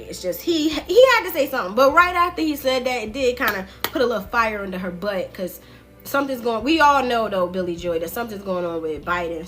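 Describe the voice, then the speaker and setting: A woman hosting a livestream, chatting casually and directly to her viewers in loose, slangy speech, retelling things with animated swings in pitch. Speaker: livestream political commentary host. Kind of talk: casual chat.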